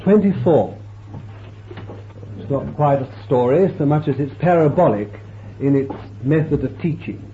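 Emphatic preacher with a tinny recording. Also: male voice, a little high. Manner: emphatic, slow, dramatic swells and drops. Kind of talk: sermon. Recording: tinny lo-fi recording with faint hiss.

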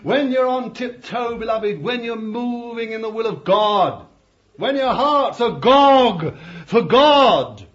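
A man's voice: very high-pitched, animated, takes it slowly, a bit bright. A man preaching a sermon, fervent, repeating his phrases and calling his listeners beloved. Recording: dull lo-fi recording.

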